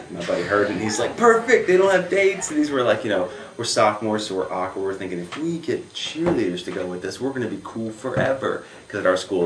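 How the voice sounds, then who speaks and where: Low-voiced young man telling stories. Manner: animated, filler-heavy storytelling. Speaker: camp counselor. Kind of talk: casual storytelling interview. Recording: echoey room with faint noise.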